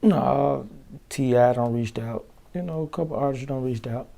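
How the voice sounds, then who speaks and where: A man's voice: medium pitch, moderate pace, creaky, warm tone. A young man, a rapper, telling studio stories in a loose, slangy interview manner and acting out the quotes. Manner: loose slangy street talk, acts out quotes. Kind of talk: casual interview storytelling.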